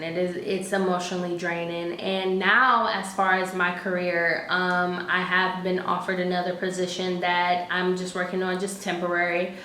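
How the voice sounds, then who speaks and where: A woman in her late twenties talks candidly to her viewers about her life, swearing freely and sometimes close to tears. Her voice sits a little low for a woman. The room is echoey, with a faint hum of ambience behind her. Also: a bit bright. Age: late 20s. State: near tears at times. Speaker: vlogger. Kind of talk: casual personal life update.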